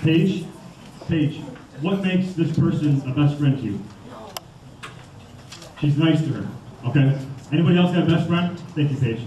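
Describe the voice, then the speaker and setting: A young man from Michigan giving an animated storytelling talk to schoolchildren in a school hall. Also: fairly high pitch, moderate pace, long pauses, a little hiss or hum. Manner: animated, acts out voices. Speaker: motivational speaker. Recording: echoey hall from far off.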